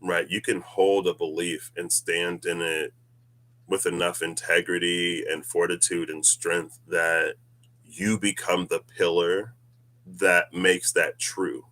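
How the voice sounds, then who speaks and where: A man's voice: deep voice, a bit bright. A man giving a casual tarot reading vlog, musing and rambling through spiritual ideas with frequent laughs. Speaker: tarot reader.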